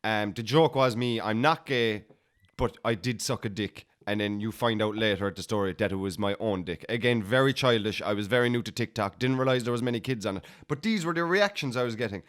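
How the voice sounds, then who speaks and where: A man's voice: lowish voice, fast talker, hardly any pauses. A young man with a Cork Irish accent chatting casually and swearing freely as he reacts to comments. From Ireland. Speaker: comedian being interviewed.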